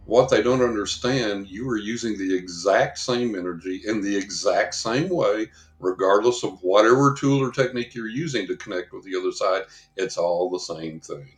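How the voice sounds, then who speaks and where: A man, a psychic guest, chatting and telling stories in an animated way. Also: fairly low pitch, moderate pace, hardly any pauses, roomy sound. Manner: animated, acts out quoted voices; casual chatty. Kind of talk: casual storytelling.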